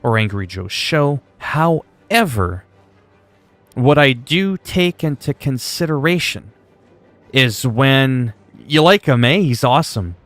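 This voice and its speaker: A man's voice: mid-range voice, animated, takes it slowly, fairly bright tone, no room sound, soft background music. A male streamer chatting casually while playing a game, laid-back and rambling, with plenty of swearing. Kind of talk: casual gaming livestream chat.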